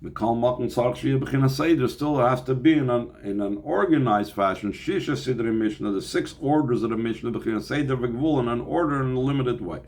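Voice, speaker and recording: A male teacher giving a Torah class. He reads passages aloud in Hebrew, then translates and explains each one, with pauses and restarts as he goes. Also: mid-range voice, a little mellow.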